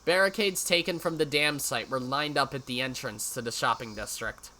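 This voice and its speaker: A man's voice: mid-range voice, moderate pace, bright, forceful tone, slight background noise. A man hosting a let's play, reading a visual novel aloud and breaking in with wry, sarcastic asides.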